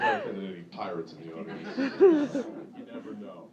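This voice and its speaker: A young New Jersey comic with a high, bouncy delivery that leaps all over his range, crude and sarcastic as he slips into mock voices. He is caught from the back of an echoey club, the stage mic distant, with a crowd laughing loudly throughout. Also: huge pitch swings, a little fast. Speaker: stand-up comedian. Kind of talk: stand-up comedy set. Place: comedy club with a laughing audience.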